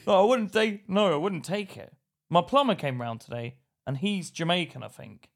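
A man's voice: high voice, expressive, measured pace, vocal fry. A man co-hosting a podcast, chatting casually in a rambling, often confused way, breaking into giggles. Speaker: podcast co-host. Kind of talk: casual banter.

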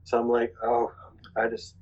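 A man's voice: mid-range voice, monotone, normal speed, a little mellow. A man from North Carolina chatting casually, rambling with hesitant fillers. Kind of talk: casual chat. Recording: dull lo-fi sound.

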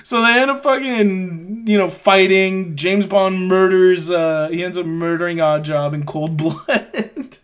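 High-voiced laughing man recapping a movie. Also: unhurried, hardly any pauses, fairly bright tone. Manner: profane, laughing, mocking. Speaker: podcast co-host. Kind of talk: casual movie recap chat.

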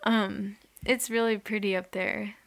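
A young woman co-hosting a podcast, talking in an upbeat way with quick asides and laughs. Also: medium pitch, flat delivery. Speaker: podcast co-host. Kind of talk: casual chat.

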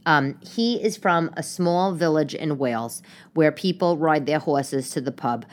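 Chatty storytelling woman, lowish voice. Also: a little slow. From New York. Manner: chatty, rambling storyteller with comic asides. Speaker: podcast host. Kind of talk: casual solo podcast chat.

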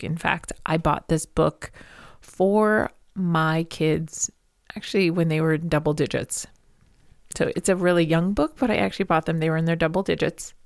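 Brief: woman podcast host, heartfelt storyteller, gravelly lower voice, dry close sound. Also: darkish tone, dry recording. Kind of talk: spiritual podcast monologue.

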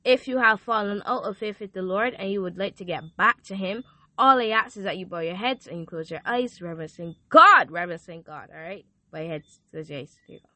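A young woman hosts a faith podcast for teenagers. Her voice is sharp and bright, and her delivery is lively and a little preachy. The sound is dry and close, with no room echo. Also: medium pitch, fairly quick. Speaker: youth podcast host. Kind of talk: casual podcast chat with prayer.

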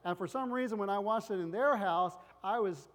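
A male pastor giving a sermon full of personal stories. He rambles and loses his place, acting out loud family voices along the way. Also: high voice, brisk, long reverb tail.

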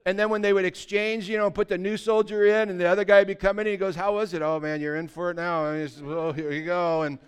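A male pastor preaching with a smooth, resonant voice that sits a little high for a man. He drops into hushed asides, then builds to excited shouts. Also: fast, few pauses. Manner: animated, swings from quiet asides to excited shouting. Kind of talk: sermon. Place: church sanctuary with congregation.

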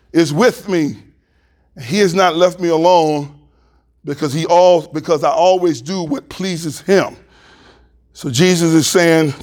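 A man preaching a sermon as pastor, reading scripture aloud and rising louder and higher to stress his points.

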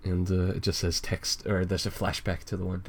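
A man's voice: sits low, little pitch movement, normal speed. Laid-back guy reading a comic. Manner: laid-back, chuckling, loose slang. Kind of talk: casual chat, reading a comic aloud.

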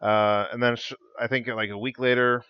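A man's voice: medium pitch, flat delivery, moderate pace, clean tone, no echo, highs cut off. A man on a podcast panel, telling a story in casual chat.

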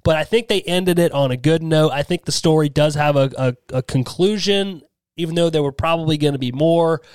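A man's voice: on the high side, a little fast, a little mellow, smooth, no echo. A man hosting a casual podcast, announcing results with teasing, joking asides. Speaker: podcast host.

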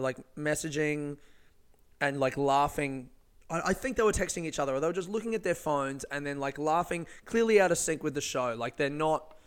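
A stand-up comedian rambles through his stories in a loose podcast monologue, cursing freely as he goes. His voice sits a little high and comes across smooth and clear. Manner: rambling, swears freely, animated storytelling.

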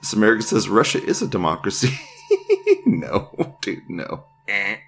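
A man's voice: on the low side, sing-song, normal speed, creaky, fairly bright tone, faint music behind. A man hosting casual news commentary, reading posts aloud with frequent laughter, profanity and sarcasm.

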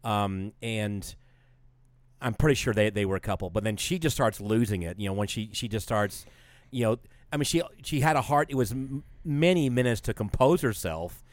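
A man's voice: on the low side, animated, moderate pace, dry recording. A man in casual chat, talking in a rambling, laid-back way.

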